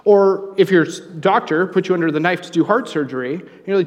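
A man preaching a sermon, conversational and joking, with animated asides. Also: sits high, fairly quick, hardly any pauses, big-room sound. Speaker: pastor. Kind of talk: sermon with humorous story.

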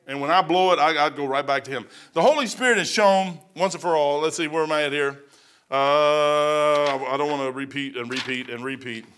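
Bright-voiced older man preaching casually. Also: a little high, clear, resonant tone. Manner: conversational, rambling, loses his place in his notes; acts out the people in the stories with quick changes of voice. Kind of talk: informal sermon.

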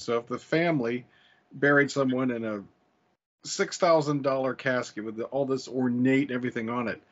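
A podcast co-host in a casual chat, reacting with short responses and asking follow-up questions. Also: mid-range voice. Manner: responsive, asks questions and laughs along. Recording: dull lo-fi sound.

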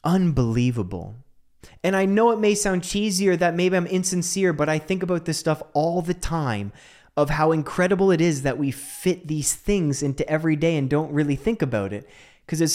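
A young man from Canada hosting a casual monologue, joking and swearing, who jumps from hushed asides to high, incredulous outbursts. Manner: profane, joking.

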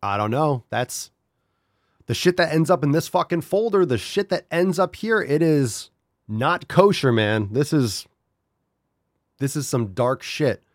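A man's voice: fairly high pitch, lively intonation, unhurried, dry recording, clean studio sound. A man hosting a podcast in casual, exasperated commentary. He swears freely and talks straight to his audience. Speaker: podcast host.

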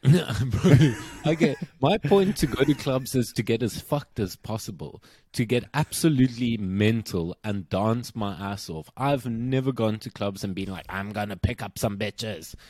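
A man's voice: medium pitch, animated, measured pace, darkish tone, breathy edge, no room sound. Joking young South African man, dry sound. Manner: crude, joking, laughs through his own lines. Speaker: podcast co-host. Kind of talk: casual podcast chat.

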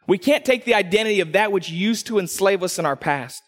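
Texas-raised male pastor, high voice, lively storyteller, reverberant sanctuary. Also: a little fast. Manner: animated storytelling, acting out quotes. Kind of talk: sermon. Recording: long hall reverb.

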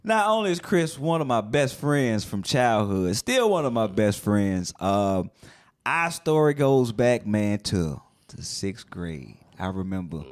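A man's voice: on the low side, sing-song, measured pace. Guy hosting a podcast, slangy, joking around, voice bouncing all over. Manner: joking, teasing, loose slangy talk. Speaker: podcast host. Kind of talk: casual chat.

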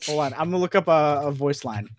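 A man's voice: fairly high pitch, lively intonation, fast talker, slight background noise. A man hosting a podcast in a casual, goofy, rambling chat. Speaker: podcast host.

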